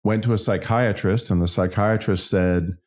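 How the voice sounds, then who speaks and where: Deep-voiced man telling his story. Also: moderate pace. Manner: frank, self-deprecating, animated storyteller. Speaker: interview guest, singer-songwriter and business owner. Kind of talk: candid personal storytelling.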